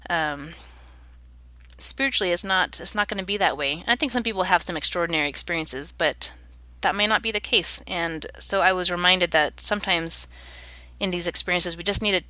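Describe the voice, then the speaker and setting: Earnest woman with a bright tone. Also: fairly low pitch, a little fast, no room sound. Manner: earnest and reflective. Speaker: interview guest. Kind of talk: personal storytelling in conversation.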